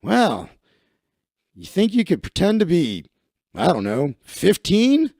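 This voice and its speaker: A man voicing a loud, crude American football coach who barks crude questions. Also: sits high, huge pitch swings, takes it slowly, gravelly, no room sound, clean studio sound, exaggerated voice. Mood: barking. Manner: barking, crude, sizing people up.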